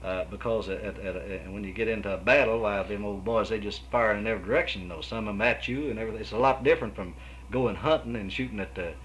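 A man's voice: lowish voice, fast, fairly bright tone, a little hiss or hum, rough recording. Folksy Kentucky-accented man telling stories. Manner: folksy, rambling, with frequent restarts and "you know". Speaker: guitarist guest. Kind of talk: storytelling interview answers. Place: his home.

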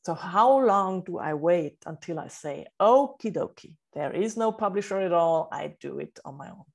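A woman's voice: lowish voice, lively intonation, normal speed, vocal fry. A woman from Austria with a German accent, a writing coach answering interview questions and sometimes searching for English words. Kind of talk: podcast interview.

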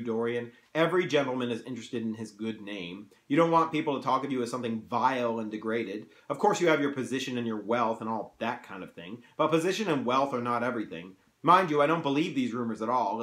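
A grave, earnest gentleman painter speaks with quiet urgency, as a man reads his lines aloud. The voice sits at a mid pitch. It carries the ring of a roomy space. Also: lightly acted. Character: grave serious male painter friend. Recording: roomy echo.

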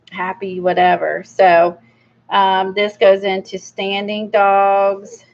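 A woman's voice: mid-range voice, dull audio. A middle-aged woman hosting a casual vlog, chatty and rambling with many fillers and small laughs. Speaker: art channel host. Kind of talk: casual book review vlog.

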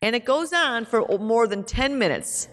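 A woman's voice: on the high side, lively intonation, fairly bright tone. Woman speaking in an echoing hall. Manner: conversational, halting, frequent fillers and restarts. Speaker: conference speaker. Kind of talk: conference presentation. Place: conference hall. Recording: long hall reverb.

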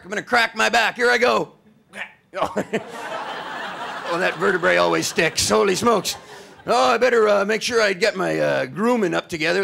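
A man's voice: sits high, creaky, pushed and bright, exaggerated voice. A man improvising a dim, cheerful garbage man who fusses over his hair, narrating his morning in a bumbling, chatty way. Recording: live stage with faint crowd and noise.

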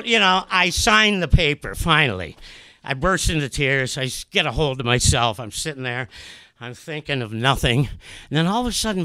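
A man telling a comic personal story on stage, animated and self-mocking with many asides and fillers. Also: sits high, no echo.

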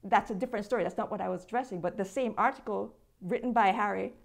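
A woman's voice: mid-range voice, fast talker, vocal fry. A woman with a Jamaican accent, a guest in a conversational interview, making her points emphatically. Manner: emphatic, argumentative.

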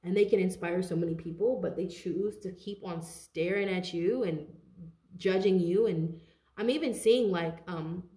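A woman giving a casual tarot reading straight to her viewers, chatty and animated, laughing often and talking to them as "you guys". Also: lowish voice, normal speed, reverberant. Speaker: tarot reader.

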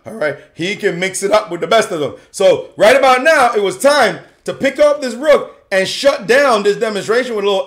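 A man's voice: high voice, a bit bright. A man analyzing a chess game in a playful, slangy way, laughing often as he goes. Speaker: chess commentator.

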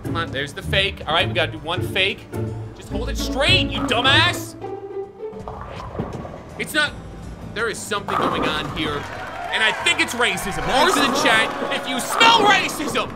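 Excitable high-voiced gaming YouTuber man. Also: a little slow, pauses often, loud music behind the voice. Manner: excitable, shouting and swearing in frustration. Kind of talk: casual gaming commentary.

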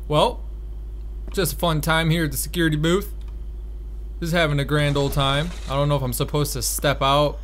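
A man's voice: fairly high pitch, steady tone, a little fast, fairly bright tone, slight background noise. A man giving casual, joking gameplay commentary, chatty and playfully role-playing as a guard. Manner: joking, chatty, mock-friendly guard talk. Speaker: gaming YouTuber.

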